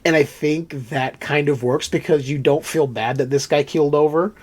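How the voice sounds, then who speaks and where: A man co-hosting a casual podcast, recapping a film in an animated, profane way and acting out the characters' lines. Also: a little high, moderate pace. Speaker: podcast co-host.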